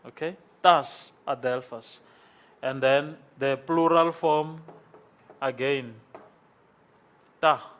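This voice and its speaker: Slow, patient man teaching in class. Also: mid-range voice, fairly even intonation, fairly bright tone. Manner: patient, repeats forms and checks with "okay?". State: congested from sinus trouble. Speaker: Greek language teacher. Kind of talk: classroom lecture. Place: classroom with a board.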